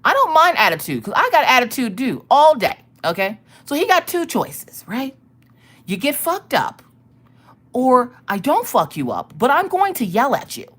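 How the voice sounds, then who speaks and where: Animated, profane woman telling a story. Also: high-pitched, moderate pace, breathy edge. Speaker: streamer and craft channel host. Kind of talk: casual storytelling chat.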